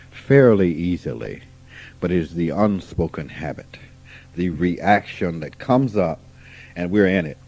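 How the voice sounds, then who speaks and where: A man gives an informal spiritual talk. He is folksy and unhurried, and he asks questions and then answers them himself. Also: low voice, darkish tone. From Mississippi, USA. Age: 50s. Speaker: spiritual teacher. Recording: dull archival tape recording.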